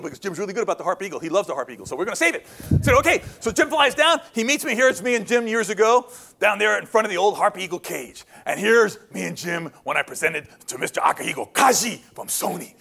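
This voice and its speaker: A man giving a lively storytelling talk on wildlife photography to an audience, acting out the quotes and dropping into hushed asides. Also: high-pitched, vocal fry. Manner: animated, acts out quotes, drops to hushed asides. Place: presentation hall.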